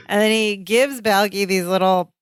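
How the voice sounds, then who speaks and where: A woman's voice: mid-range voice, unhurried, clean tone, no room sound, studio quality. A woman co-hosting a podcast, chatting casually about a sitcom and laughing between remarks. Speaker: podcast co-host. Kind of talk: casual chat recapping a sitcom.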